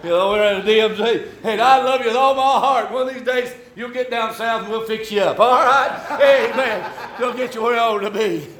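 Older southern preacher guy, high voice, yells and drags his words out, echoey church room w/ faint hiss. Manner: shouting, drawn-out exhortation with folksy asides. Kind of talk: sermon.

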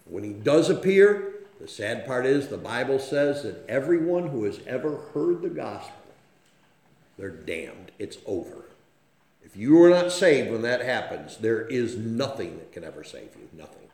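A man's voice: medium pitch, big pitch swings, a little slow, vocal fry, a little mellow, echoey room. A man preaching a sermon, often checking in with his listeners by asking "okay?", and telling homespun stories. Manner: folksy, storytelling, frequent "okay?" check-ins.

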